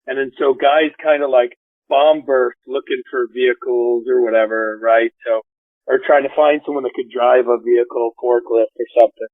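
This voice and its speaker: A man hosting a podcast, telling a story in a casual, profane, animated way and acting out the people he quotes. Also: mid-range voice, normal speed, no room sound. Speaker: podcast host. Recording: phone-line call audio.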